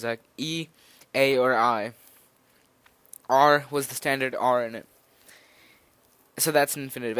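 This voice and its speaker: A man's voice: medium pitch, a bit bright, smooth, dry recording. A nervous young man giving an informal spoken language lesson, rambling a little with fillers and restarts as he explains. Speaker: language teacher.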